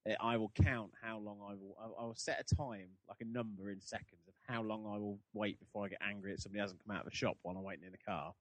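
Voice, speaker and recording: A young man talks through a casual podcast chat, rambling and poking fun at himself. His voice sits low and is recorded close on a very dry mic with no room sound. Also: fairly even intonation, fast, few pauses, no echo. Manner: chatty, rambling, self-deprecating. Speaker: podcast host.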